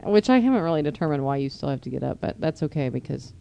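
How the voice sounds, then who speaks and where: Teasing woman with a low, lively voice. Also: vocal fry, slight background noise. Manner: teasing and quick to laugh. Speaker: podcast co-host. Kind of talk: casual home podcast chat.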